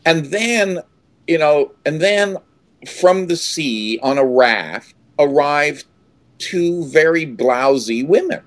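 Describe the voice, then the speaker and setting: Being interviewed, this sixty-something actor acts out quotes as he tells his stories, bursting out loudly at times and restarting many times. He speaks slowly in a fairly high, animated voice, with no room sound.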